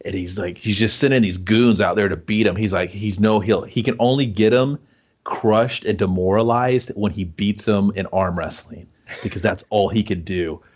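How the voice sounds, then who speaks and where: Husky, rambling, profane young man. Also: on the low side, normal speed, dull audio. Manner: rambling, profane, laughs a lot while telling it. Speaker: podcast co-host. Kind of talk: casual chat, riffing a made-up movie sequel.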